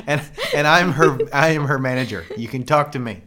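A man's voice: medium pitch, sharp tone. A man co-hosting a podcast in casual chat, jokey and laughing often, swearing freely. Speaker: podcast co-host.

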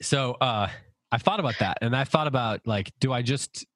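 A man's voice: medium pitch, normal speed, a bit bright, dry recording. A man with a nasal voice hosting a podcast, telling stories in a rambling way with fillers and restarts. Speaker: podcast host. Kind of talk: casual chat.

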